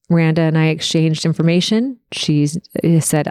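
A woman's voice: low-pitched, moderate pace, few pauses, a little mellow, smooth, dry recording, clean studio sound. A woman hosting a podcast, telling an emotional personal story with quoted dialogue. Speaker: podcast host.

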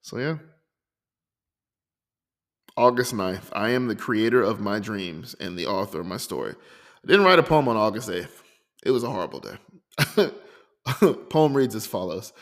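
A man hosting a personal podcast, reflecting openly and slowing down to read his own poems aloud. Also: fairly low pitch, animated, big-room sound. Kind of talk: personal podcast monologue with poetry readings.

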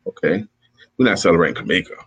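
A man hosting a casual morning chat, upbeat and quick to laugh, who also reads aloud slowly and with emphasis. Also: sits low, animated, fairly bright tone, slightly rough, highs cut off. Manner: upbeat, laughs often, slow emphatic reading. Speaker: host.

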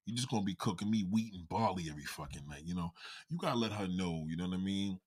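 A man's voice: low-pitched, quick pace, darkish tone, breathy edge. A man giving a heated, mocking, profanity-filled comedic rant to his viewers. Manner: heated, mocking, swears constantly. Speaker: vlogger.

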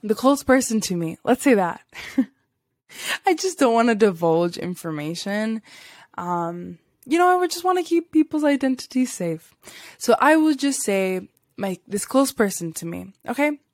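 A woman's voice: on the high side, sing-song, measured pace, no room sound, clean studio sound. A woman hosting a podcast, telling a spiritual story in a casual, rambling way, full of fillers and little laughs. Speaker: podcast host.

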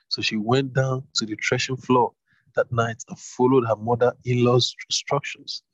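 A man's voice: medium pitch, level tone, a little slow, a bit bright, dry recording, low-quality recording. A man reading a Bible story aloud, voicing the characters and adding casual asides. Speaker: reader.

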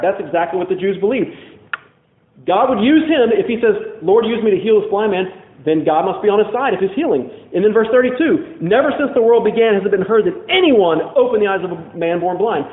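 A man preaching a sermon as pastor, acting out the quoted voices with lively changes of pitch and pace. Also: roomy sound, phone-quality sound. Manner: animated, acts out quotes with shifting pitch and pace.

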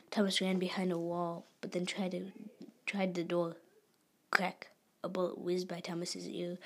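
A woman reading a story aloud in a whispery, gravelly voice, stumbling and restarting now and then. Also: on the low side. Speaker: story reader.

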